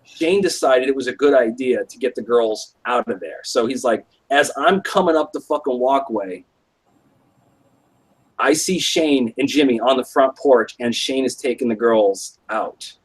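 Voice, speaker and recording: A young man on a live stream tells a rambling, casual story, swearing constantly and filling gaps with "like." His voice is medium-pitched and unhurried with a breathy edge, and the audio is poor.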